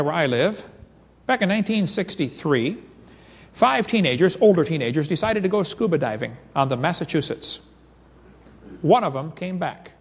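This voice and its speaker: Man, seminar speaker, fairly high voice, lively storyteller, long hall reverb. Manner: animated storyteller reading accounts aloud.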